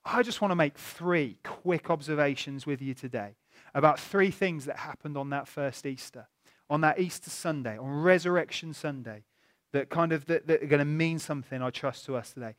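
A man preaching a sermon, telling stories in a chatty, animated way and asking the listeners rhetorical questions. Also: a little high, normal speed.

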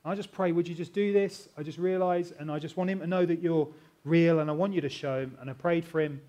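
Earnest pastor, slightly high voice. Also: male voice, a little fast. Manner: earnest, animated preaching with loud and soft swings. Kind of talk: sermon.

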